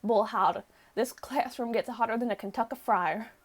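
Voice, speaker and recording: A woman voicing a courtly older male fried-chicken colonel with a slow, gentlemanly country drawl. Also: fairly high pitch, heavily acted. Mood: gallant.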